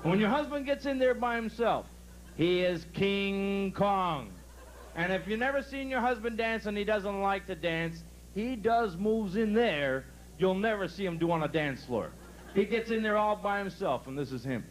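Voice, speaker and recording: A man's voice: high-pitched, lively intonation, normal speed, slight background noise, rough recording. A man doing stand-up for a live crowd, telling folksy dirty jokes and laughing at his own punchlines. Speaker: stand-up comedian.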